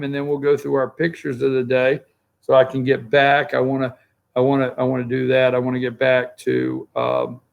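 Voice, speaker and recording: A man's voice: mid-range voice, vocal fry. A man hosting a political talk show, rambling through commentary and calling up pictures for his producer. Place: studio.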